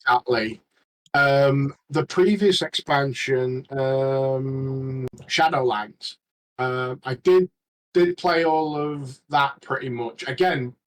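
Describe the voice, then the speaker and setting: A man chatting casually as a regular on a podcast, rambling and halting with many restarts. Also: mid-range voice, fairly even intonation, poor audio. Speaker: regular panelist.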